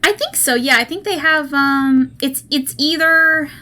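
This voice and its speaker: A woman's voice: sits high, a little slow, sharp tone. A woman co-hosting a gaming podcast, chatting casually and laughing often. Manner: giggly, chatty. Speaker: podcast co-host. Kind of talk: casual chat.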